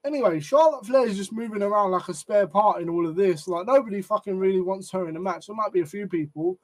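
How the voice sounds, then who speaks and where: A man's voice: sits high, quick pace. A man giving a ranting, sweary opinion on wrestling, getting flustered and repeating himself as he goes. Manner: flustered, sweary, repeats words when annoyed. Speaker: wrestling commentary channel host.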